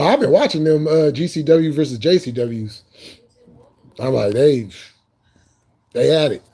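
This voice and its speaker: A man hosts a casual live stream, laughing almost nonstop as he jokes with viewers in the chat. His talk is loose and profane, full of repeated phrases. His voice has a mellow, darker tone. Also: medium pitch.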